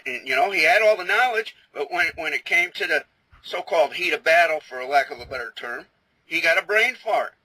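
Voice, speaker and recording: A man's voice: high-pitched, bright, forceful tone, slightly rough, dry recording, rough recording. A man in casual talk, speaking earnestly and emphatically while giving advice. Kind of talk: casual chat. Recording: dry radio-show recording.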